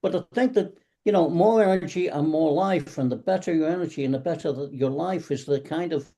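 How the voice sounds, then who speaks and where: This man teaches tai chi and qigong and is chatting casually in an online panel over video call, telling rambling anecdotes and performing the lines of the cab drivers and others he describes. He speaks briskly, with a voice on the high side and a dark tone.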